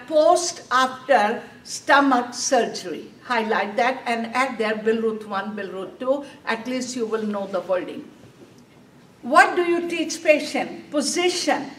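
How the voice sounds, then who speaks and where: A woman's voice: on the high side, animated, slow pace. A woman teaching a nursing exam class, asking questions and answering them herself. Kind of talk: classroom lecture. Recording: echoey classroom from a distance, faint room noise.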